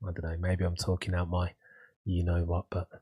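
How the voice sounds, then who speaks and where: A man's voice: deep voice, monotone, normal speed, warm tone, slightly rough. A man with a Birmingham accent hosting a casual live stream, talking enthusiastically and rambling as he reacts to racing and answers chat.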